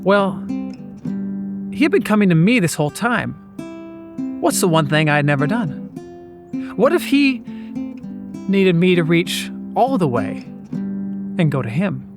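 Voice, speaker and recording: Playful high-voiced male narrator. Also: lively intonation, a little slow, long pauses, over music. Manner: playful, chatty, with asides. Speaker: doctor narrating his show. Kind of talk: scripted voice-over narration.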